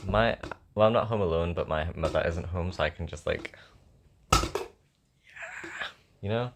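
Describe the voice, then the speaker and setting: At home with a sore throat, a young songwriter rambles and jokes at his own expense while working on a song, thinking aloud in casual chat. His voice is low-pitched and gravelly at a normal speed, with heavy background noise.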